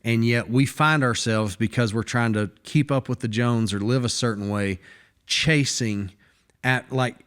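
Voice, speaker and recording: A man's voice: medium pitch, a little slow, fairly bright tone, clear, resonant tone. A man, a pastor hosting a church podcast, talking earnestly in a casual faith conversation and repeating words as he thinks aloud.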